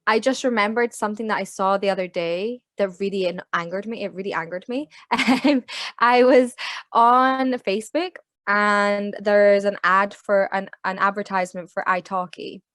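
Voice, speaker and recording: British woman, young adult, English teacher, animated, emphatic, casual chat, dry close mic. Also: medium pitch, moderate pace, dry recording. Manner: animated and emphatic, many "like" fillers. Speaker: ESL teacher and trainer, podcast guest. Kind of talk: casual podcast conversation.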